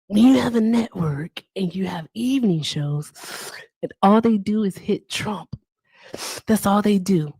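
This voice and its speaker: A woman's voice: mid-range voice, unhurried, dark tone, husky, dry recording. A woman doing an impression of a blunt, boastful older male politician who talks in short, emphatic, repeated declarations.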